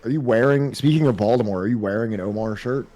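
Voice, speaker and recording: The host, a man from New Jersey, keeps restarting and filling pauses as he jokes casually on his podcast ahead of a book discussion. He has a mid-range, dark voice and a quick pace.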